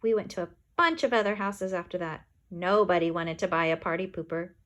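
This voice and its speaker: A woman reading a children's storybook aloud in a playful, expressive way. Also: on the low side, fairly quick. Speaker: audiobook reader. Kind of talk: storybook narration.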